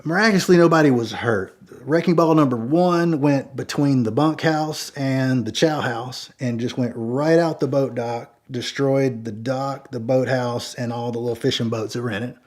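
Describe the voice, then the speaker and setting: A man telling a long story in a casual, animated way, with many fillers and repeated words. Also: mid-range voice, moderate pace, few pauses. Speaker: storyteller guest.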